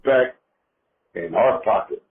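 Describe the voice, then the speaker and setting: A man's voice: on the low side, expressive, normal speed, a crowd in the background. A male caller ranting combatively about politics. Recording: tinny phone line.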